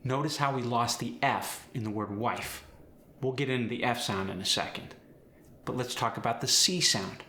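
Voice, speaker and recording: A man coaching accents, explaining step by step in a clear, instructional way. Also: mid-range voice, normal speed, bright, forceful tone, echoey room. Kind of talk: instructional lesson.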